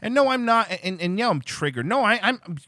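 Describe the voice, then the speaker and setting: A man's voice: sits high, lively intonation, fairly quick, bright, forceful tone, no room sound. A man hosting a livestream, ranting angrily about politics, exasperated and full of restarts. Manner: heated, exasperated, lots of restarts. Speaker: show host.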